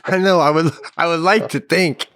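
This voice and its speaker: A middle-aged man co-hosting a comedy podcast, talking in an animated way and laughing as he acts out lines in his stories. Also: a little high, moderate pace, clean tone, no room sound. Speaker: podcast co-host. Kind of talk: casual comedic chat.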